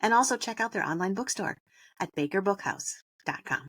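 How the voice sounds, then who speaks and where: A woman hosting a podcast, upbeat and quick to laugh as she introduces the show and her guest. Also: medium pitch, lively intonation, a bit bright, breathy edge. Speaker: podcast host. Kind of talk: casual podcast intro and chat.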